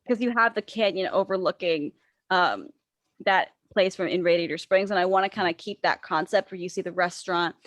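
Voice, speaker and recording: A woman chatting casually on a podcast panel, giggling often, teasing the others and pitching ideas eagerly. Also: a little fast, fairly bright tone, no room sound. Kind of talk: casual chat.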